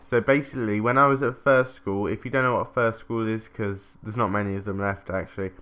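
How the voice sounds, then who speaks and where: This gaming commentator, a man from England, tells a meandering story over casual play, chatting, breaking off mid-thought and swearing casually. His low-side voice is steady, fairly quick, a bit bright, clear and resonant.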